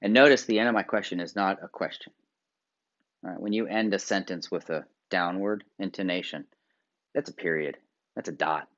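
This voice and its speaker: A deep-voiced American workshop presenter talks at normal speed in a motivational video, guiding viewers through exercises with direct instructions. Loud emphasis alternates with quiet asides, and the sound is dull and lo-fi.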